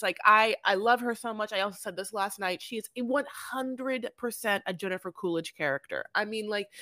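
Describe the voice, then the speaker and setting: Woman podcast co-host, mid pitch, sassy and chatty, tangent-prone, dry close mic. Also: a bit bright, dry recording. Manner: sassy, tangent-prone, peppers talk with "honey" and swearing. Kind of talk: casual reality-TV recap chat.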